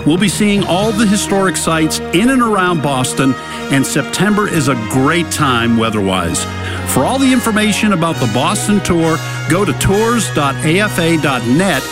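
A male radio co-host giving a chatty, energetic promotional announcement. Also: on the high side, normal speed, over music.

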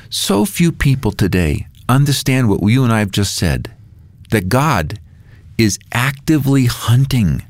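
A man being interviewed as a guest author, telling a story with lively, acted-out dialogue. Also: mid-range voice, dry recording. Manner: lively storyteller who acts out quoted dialogue.

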